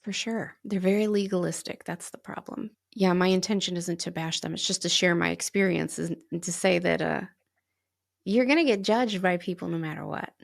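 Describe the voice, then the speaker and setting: A woman co-hosts a casual podcast conversation. Her voice sits fairly low with a gravelly, fry-textured edge, and she tells her stories in an animated way, often slipping into the voices of the people she quotes. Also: moderate pace. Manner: animated storyteller who acts out quoted dialogue and laughs often. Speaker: podcast co-host.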